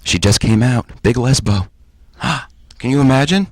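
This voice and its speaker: Lively self-mocking comedian in his forties. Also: medium pitch, takes it slowly, slightly rough, no room sound. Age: 40s. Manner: punchy self-mocking delivery. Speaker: stand-up comedian. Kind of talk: stand-up comedy set. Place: stage before a live audience.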